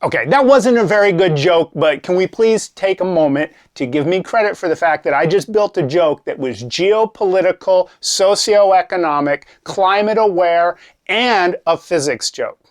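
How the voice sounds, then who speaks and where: A man's voice: sits high, lively intonation, normal speed. A man from Alaska doing stand-up comedy in a dry, conversational way. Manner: dry, conversational delivery, acted-out voices.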